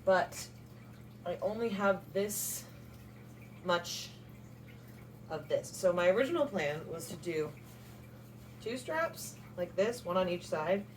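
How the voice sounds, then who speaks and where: A woman's voice: lowish voice, expressive, slow pace, pauses often, a little hiss or hum, low-quality recording. A young woman casually narrating a sewing vlog in a chatty, self-deprecating way. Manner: chatty, self-deprecating, coos at her dog. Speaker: crafting vlogger.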